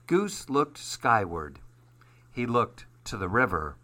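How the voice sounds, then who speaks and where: Slow, gentle man reading a storybook. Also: on the low side, very animated. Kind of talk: storybook read-aloud.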